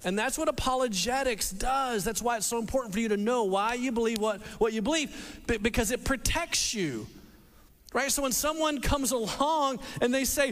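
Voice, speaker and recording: A man preaching a sermon to a congregation, animated and repeating words as he restarts and acts out quotes. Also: very high voice, moderate pace. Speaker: pastor. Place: church hall with a congregation. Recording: long reverb of a large hall.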